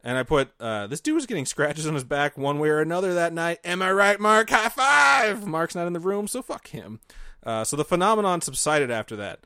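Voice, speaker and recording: A man's voice: a little high, lively intonation, brisk, a bit bright, smooth, no echo, studio quality. A man co-hosting a podcast, telling a spooky story in a casual, joking, profane way. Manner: profane, jokey, mocking asides. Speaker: podcast co-host.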